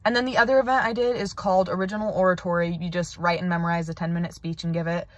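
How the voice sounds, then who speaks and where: A woman's voice: lowish voice, little pitch movement, racing, no echo. A teenage girl records a casual video message from her parked car, rambling and chatty with plenty of "like.". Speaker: video pen pal.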